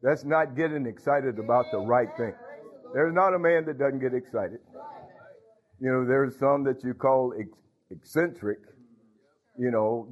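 A man's voice: a little high, breathy edge, dull audio. A man preaching an informal sermon in a small church, folksy, calling out to the congregation and repeating his phrases. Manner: call-and-response, folksy, repeats phrases, chuckles.

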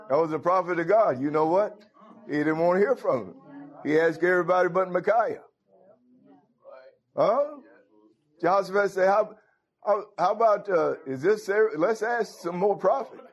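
A man's voice: on the high side, muffled recording. A man preaching a sermon, quoting scripture and breaking in with exclamations of praise.

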